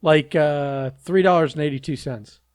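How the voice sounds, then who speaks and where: A man with a slightly high voice chats on a casual podcast. He teases and laughs at his co-host. The recording is dry and close, with no room sound. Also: normal speed, clear, resonant tone, no echo.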